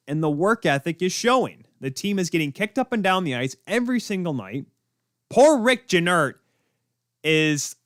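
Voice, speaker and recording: Young male sports show host, exasperated rant, lively swooping delivery, dry close sound. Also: fairly high pitch, dry recording. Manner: exasperated, rapid ranting. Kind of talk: live sports opinion rant.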